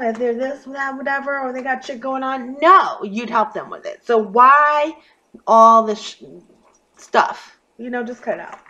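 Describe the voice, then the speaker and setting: A tarot reader gives her viewers a casual astrology and tarot reading in a voice on the high side. She speaks emphatically, swinging between quiet murmurs and loud bursts.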